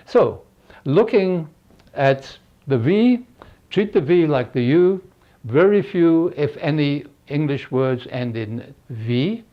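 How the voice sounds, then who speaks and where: An older man teaching English spelling, explaining slowly with frequent pauses and fillers. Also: medium pitch. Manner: slow, halting explanation with many fillers. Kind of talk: unscripted lesson. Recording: dull lo-fi recording.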